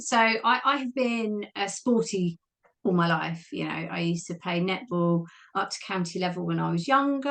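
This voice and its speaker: A woman's voice: mid-range voice, vocal fry, a bit bright. Open, reflective woman in her forties. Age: 40s. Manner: open, reflective, laughs easily. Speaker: guest. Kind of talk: candid personal conversation.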